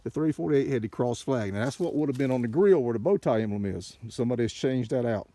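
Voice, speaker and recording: An older man, a car dealer, giving an excited, folksy walkaround and talking to viewers as folks, recorded on a handheld camera mic. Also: medium pitch, fast, no room sound. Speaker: classic car dealer showing a car. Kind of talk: casual walkaround narration.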